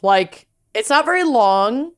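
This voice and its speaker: Animated, unhurried woman podcast co-host. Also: a little high. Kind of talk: casual chat.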